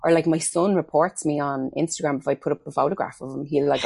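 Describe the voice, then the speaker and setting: A woman's voice: low voice, steady tone, fairly quick, gravelly, few pauses, darkish tone, breathy edge, no room sound. A middle-aged Irish woman, a makeup artist, chatting as an interview guest and telling stories with acted-out quotes. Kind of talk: casual interview chat.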